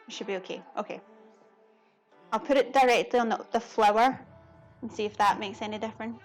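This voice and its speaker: A chatty woman cooks on a live stream and talks easily to her viewers. Her voice sits a little high, she giggles often, and faint music plays in the background. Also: steady tone, a little fast. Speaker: cooking streamer. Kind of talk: casual live-stream chat while cooking.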